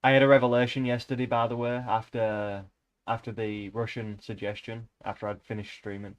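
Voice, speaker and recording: A man's voice: on the low side, flat delivery, a little fast. Man casually reading a novel aloud. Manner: rambling, joking asides between passages. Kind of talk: casual read-aloud with asides.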